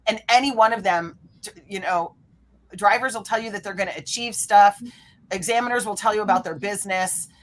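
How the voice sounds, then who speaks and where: Energetic woman guest coach, animated interview delivery. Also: medium pitch, fairly quick. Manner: energetic, lively, acts out quoted people. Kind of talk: animated podcast interview talk.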